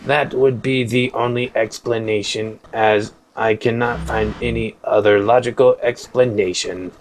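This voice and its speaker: A man reading out the lines of a stern male robot overseer in a slow, flat, mechanical way, as he plays a video game. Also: on the low side, a little hiss or hum, natural voice, low-quality recording. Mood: commanding. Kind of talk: reading game dialogue aloud.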